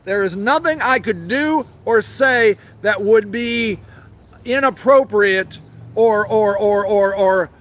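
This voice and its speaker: A man's voice: sits high, slow pace, a bit bright. A man hosting his own show from an outdoor garden, ranting angrily and sarcastically, swearing a lot and repeating himself. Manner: angry, profane, sarcastic, repetitive. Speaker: show host. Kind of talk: profane outdoor rant.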